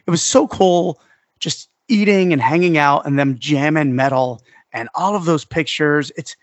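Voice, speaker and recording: Male podcast host, slightly high voice, eager storyteller, dry close mic. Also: normal speed, dry recording. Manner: enthusiastic, crude humor, recounts events. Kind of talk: casual chat.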